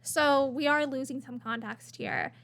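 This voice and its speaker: Reading message screenshots aloud, this woman chats casually, dropping lots of fillers and breaking into gushing now and then. Her voice is high and a bit bright, her pace unhurried, and the sound comes from a webcam-style desk setup.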